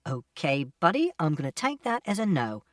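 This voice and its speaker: Man playing a gentle young woman, raised pitch, soothing, wry, dry distant mic. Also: very animated, normal speed, no echo. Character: calm young woman stranger with guitar. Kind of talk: audiobook character voice.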